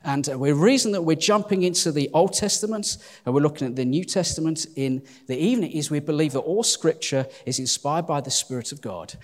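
Lively joking man in a reverberant hall. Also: on the high side, brisk, few pauses. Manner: lively, self-deprecating, warmly joking. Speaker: church leader. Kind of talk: sermon announcements to a congregation. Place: church hall.

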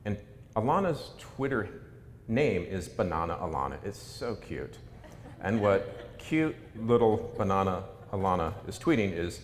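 Middle-aged guy telling funny stories at a talk, low voice with lots of swing, echoey hall. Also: unhurried, long pauses. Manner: wry, self-mocking, animated. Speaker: author giving a talk. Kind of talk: humorous storytelling talk. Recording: echoey hall with faint rumble.

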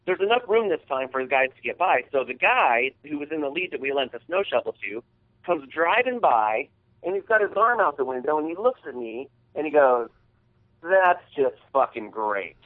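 A man's voice: fairly high pitch, big pitch swings, fairly quick. A man hosting a podcast, retelling an embarrassing story in a casual, profane, heated way. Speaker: podcast host. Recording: tinny phone-like sound.

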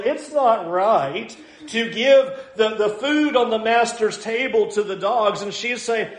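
A man's voice: sits high, slow, hardly any pauses, echoey room. A man preaching a sermon in a conversational, self-deprecating way, acting out little asides. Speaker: pastor.

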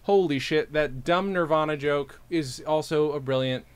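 A man's voice: on the high side, moderate pace, clean tone. A man from upstate New York hosting a podcast, chatting casually, laughing often and poking fun at himself. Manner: animated, laughs often, self-deprecating. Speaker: podcast host.

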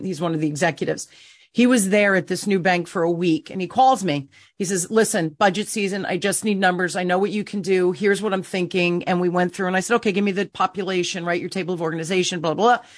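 Lively woman telling a story, low voice. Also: no echo, studio quality. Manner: animated, emotional storyteller who acts out quoted dialogue. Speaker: podcast host. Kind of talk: conversational storytelling.

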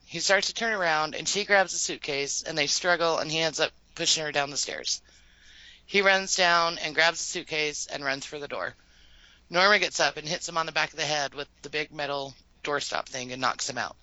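A woman's voice: sits low, moderate pace, sharp tone, no echo, muffled recording. A woman co-hosting a podcast, reading a scene-by-scene recap from her notes and laughing often between lines. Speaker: podcast co-host.

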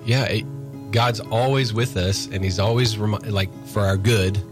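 A man's voice: fairly low pitch, normal speed, music in the background. A man in a casual faith conversation, telling stories and acting out sarcastic voices. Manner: animated storyteller who acts out sarcastic voices.

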